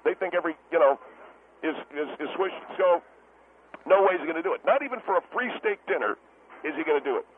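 A man's voice: a little high, expressive, fast talker, a little hiss or hum, close to an everyday voice. A man voicing a brash, defensive male steakhouse owner calling in, stammering and blustering through a tinny phone line. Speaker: caller. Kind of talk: talk radio comedy bit.

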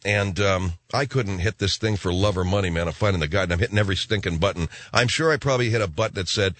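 Man, middle-aged, late-night radio host, animated rambling monologue, dry studio mic. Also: deep voice, fast talker, dry recording. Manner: animated storytelling, acts out voices, rambling asides. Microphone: studio microphone.

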